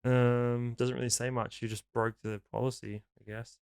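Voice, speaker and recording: A man, co-hosting a podcast in casual chat, laid-back, swearing offhandedly and reading articles aloud haltingly. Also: medium pitch, little pitch movement, gravelly, darkish tone, smooth, no echo, clean studio sound. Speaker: podcast co-host.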